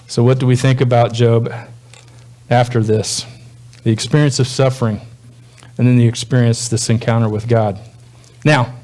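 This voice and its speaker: A man's voice: medium pitch, a little mellow. A male pastor delivering a sermon in a conversational, folksy preaching manner.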